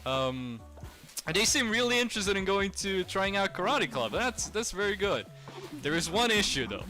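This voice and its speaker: A young man streamer telling a rambling, animated story to his chat, laughing often. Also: sits high, normal speed, faint music behind. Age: young adult.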